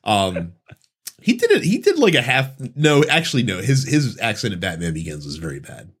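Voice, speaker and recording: A man hosts a relaxed chat about video games, his pitch moving up and down as he talks. He asks questions and laughs easily, keeping an easy back-and-forth going. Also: moderate pace, husky. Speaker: podcast host. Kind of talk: casual chat.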